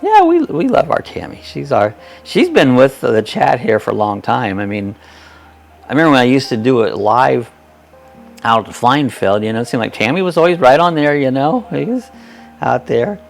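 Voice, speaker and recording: An older man hosts a casual live chat, reading out viewers' comments. His voice sits at an ordinary pitch and has a gravelly rasp. He rambles in a folksy way and chuckles often, with faint music playing behind him. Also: sing-song, normal speed. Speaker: host of a live chat stream.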